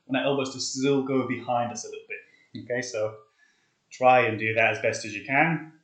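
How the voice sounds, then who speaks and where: Young man, fitness coach, out of breath, chatty, counting reps, mid pitch, echoey room. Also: fairly even intonation, fairly quick, fairly bright tone. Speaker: fitness coach leading a live workout. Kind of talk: casual live-stream workout instruction. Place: hot flat, indoors.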